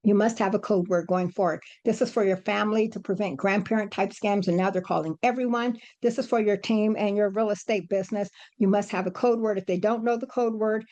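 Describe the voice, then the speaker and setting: A woman giving a fast, urgent real estate training presentation, with emphatic warnings. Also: mid-range voice, steady tone, darkish tone.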